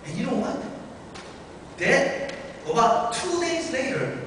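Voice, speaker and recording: A man telling his testimony as a guest speaker in a church, animated and acting out the voices of the people in his story. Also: very high-pitched, slow. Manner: animated, acts out quoted voices. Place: church sanctuary. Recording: echoey hall from far off, faint noise.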